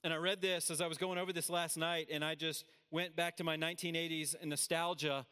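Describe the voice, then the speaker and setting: Bright-voiced male pastor preaching in a hall. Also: on the high side, level tone, brisk, clean tone. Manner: earnest, emphatic preaching with asides. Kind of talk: sermon. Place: large room with audience. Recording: hall reverb.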